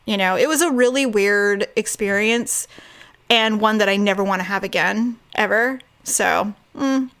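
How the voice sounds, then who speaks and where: A woman's voice: medium pitch, unhurried. A woman co-hosting a podcast, telling a story in casual chat, acting out quotes and laughing often. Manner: animated, acts out quotes with voices, laughs often. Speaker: podcast co-host.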